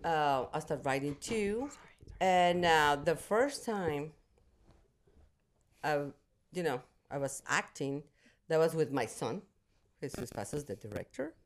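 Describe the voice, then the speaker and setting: A woman with a Spanish accent whose voice sits low yet swings widely in pitch. She talks in an animated, easy way, as a guest in a relaxed chat. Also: slow pace, pauses often. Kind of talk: casual chat.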